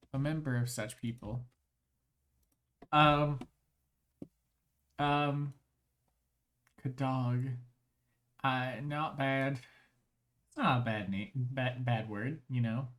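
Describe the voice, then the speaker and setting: A rambling live streamer makes casual chat in a mid-range voice, often restarting phrases. The strain in the voice shows through frequent throat clearing.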